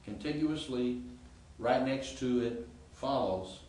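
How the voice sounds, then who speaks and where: A man's voice: medium pitch, slow pace, a little mellow, far from the mic. A man lecturing on grammar to a class in an informal, explanatory way, often checking in with the students. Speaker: Greek professor. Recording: echoey classroom recorded from afar with faint hiss.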